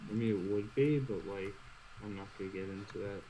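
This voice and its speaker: A man's voice: fairly low pitch, brisk, warm tone, slight background noise, low-quality recording. A man in a casual chat, laid-back and answering with short, dry replies. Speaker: co-host guest.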